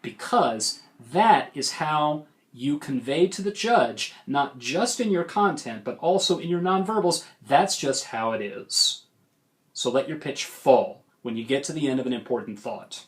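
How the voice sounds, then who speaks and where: A man's voice: fairly high pitch, animated. Man lecturing on debate delivery. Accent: western United States. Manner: measured, emphatic teaching tone. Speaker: forensics coach.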